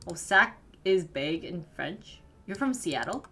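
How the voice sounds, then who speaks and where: She's a young streamer from the northern U.S. with a lowish, very animated voice and a fairly bright tone, talking slowly. Chatty and giggly, she leans on "like" while hanging out casually with her live audience over soft background music.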